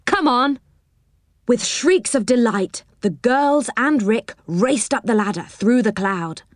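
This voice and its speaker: A woman reading a children's story aloud, expressive and warm in storybook style, in a dry close recording. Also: fairly high pitch, a little slow, dry recording.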